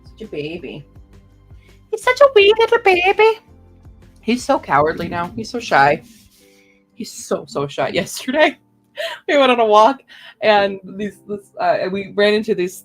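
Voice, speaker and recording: A woman streamer chatting casually and rambling to her viewers. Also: fairly low pitch. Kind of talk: casual live-stream chat.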